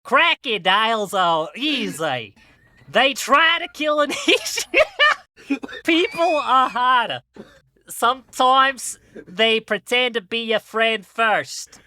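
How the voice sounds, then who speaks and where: Brief: man putting on a loud, drawling mock-Aussie wildlife showman with a Brooklyn twist, crisp and dry. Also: extremely high pitch, sing-song, slow pace, no echo, pitched above the performer's own voice, full character voice. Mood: hammy. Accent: mock Australian mixed with Brooklyn. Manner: exaggerated, drawling, loud, self-mocking. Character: cartoon duelist doing a wildlife showman impression, brash male. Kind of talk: comic impression on a podcast.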